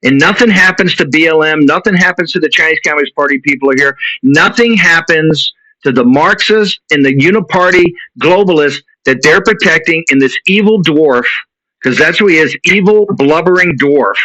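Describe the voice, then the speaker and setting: Forceful ranting male host. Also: a little high, moderate pace, dry recording. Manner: emphatic, repetitive ranting. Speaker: show host. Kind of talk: heated political commentary. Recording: dull lo-fi recording.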